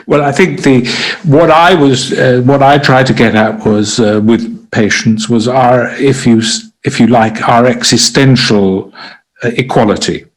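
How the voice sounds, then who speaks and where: A man's voice: mid-range voice, measured pace, low-quality recording. An older man, a former prison doctor on a podcast, telling stories hesitantly with frequent restarts and laughter. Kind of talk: conversational interview anecdotes.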